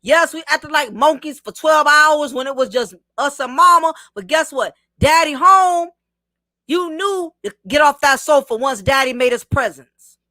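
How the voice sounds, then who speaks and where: Bright, high-pitched woman preaching emphatically. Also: expressive, moderate pace, dry recording, clean studio sound. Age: adult, married. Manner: emphatic, preachy, talks straight to the viewer. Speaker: livestream host. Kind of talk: casual commentary reading viewer comments.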